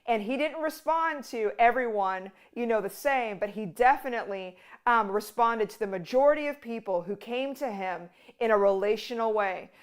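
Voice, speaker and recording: A woman's voice: fairly high pitch, moderate pace, few pauses, clean tone. A woman hosting a ministry show, teaching in a casual, conversational way with many "like"s and restarts. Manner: conversational, full of "like" and restarts, acts out quotes. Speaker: ministry host.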